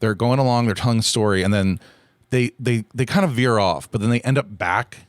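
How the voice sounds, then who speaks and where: A man's voice: mid-range voice, a little fast, dry recording, studio quality. A man hosting a solo podcast, talking in a rambling, candid and profane way, often poking fun at himself. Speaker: podcast host. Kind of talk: casual solo podcast chat.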